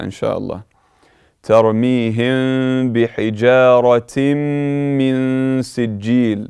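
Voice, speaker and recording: Calm man teaching careful recitation. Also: medium pitch, gravelly, clear, resonant tone, no echo, studio quality. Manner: calm, patient, repeats words to contrast right and wrong sounds. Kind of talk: tajweed lesson, explaining and demonstrating recitation.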